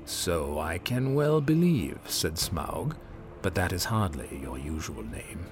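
A man's voice: sits low, very animated, slow pace, soft background music, pitched below the performer's own voice, heavily acted. A man reading aloud, voicing a vain, cunning old male dragon who speaks in a sneering way. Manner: sneering, scoffing.

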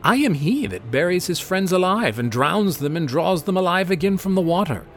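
A man reading aloud, voicing a small, clever male hobbit who flatters and speaks in riddles. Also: high voice, moderate pace, faint music behind, voice pushed up. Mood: flattering.

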